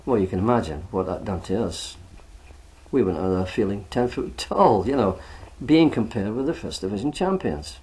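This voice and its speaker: A man's voice: on the low side, animated, moderate pace, warm tone. An older man, a former footballer, casually telling a match story and often adding "you know". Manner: chatty, peppered with "you know". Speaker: retired footballer. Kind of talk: reminiscing oral history.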